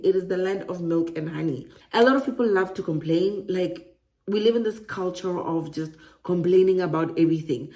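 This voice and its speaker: A woman from Africa, talking excitedly in a casual vlog and laughing often. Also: on the low side. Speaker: relocation vlogger. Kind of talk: casual enthusiastic vlog talk.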